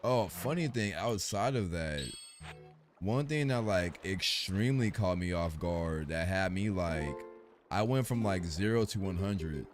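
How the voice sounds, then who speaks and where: A man's voice: low voice, measured pace, soft background music. Slangy rambling young male streamer. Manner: rambling, slangy, lots of fillers. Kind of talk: casual stream chat.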